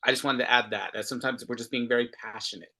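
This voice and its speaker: Man, father, passionate talker on a video call, bright forceful tone. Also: mid-range voice, steady tone, fast talker. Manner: earnest and passionate, with restarts. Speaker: father in a discussion group. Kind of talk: casual group discussion.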